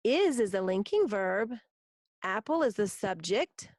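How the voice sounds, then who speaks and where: A woman teaching a recorded grammar lesson, explaining patiently and reading example sentences slowly for students to write down. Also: mid-range voice, very animated, a little mellow, no echo, studio quality.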